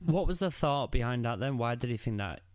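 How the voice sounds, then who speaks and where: A man's voice: medium pitch, animated, fairly quick, dry recording, studio quality. A man co-hosting a podcast, reacting in short casual remarks and hedging with "like". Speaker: podcast co-host.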